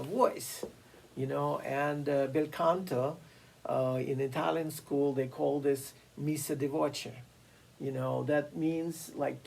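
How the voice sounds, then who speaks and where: A piano teacher giving a masterclass lecture, explaining slowly and deliberately with frequent fillers and pauses. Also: mid-range voice, vocal fry, a little mellow, low-quality recording. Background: occasional piano playing.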